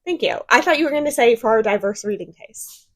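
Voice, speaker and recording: A woman's voice: on the high side, lively intonation, quick pace, fairly bright tone. A woman co-hosting a book podcast, chatting casually and telling rambling anecdotes. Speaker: podcast co-host. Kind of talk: casual chat.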